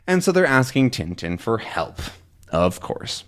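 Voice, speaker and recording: A man's voice: lowish voice, very animated. A man teaching English reads through a comic and stops to explain each tricky word. His voice rises and falls a lot, and he speaks casually and patiently, restarting often. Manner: explains words slowly, many fillers and restarts.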